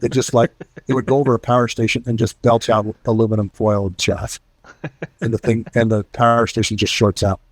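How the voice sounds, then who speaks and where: A man's voice: mid-range voice, level tone, a little fast, no echo. A middle-aged man, a retired military pilot and author, telling casual war stories to an audience and acting out the voices of the people in them. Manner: storytelling, acts out quoted voices.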